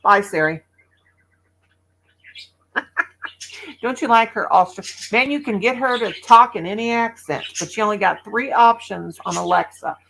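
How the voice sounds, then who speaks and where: A woman's voice: medium pitch, a little slow, vocal fry, long pauses, fairly bright tone, poor audio. A chatty woman in her sixties from the Midwest, rambling casually to livestream viewers and laughing often. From American Midwest. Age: 60s. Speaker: livestream host.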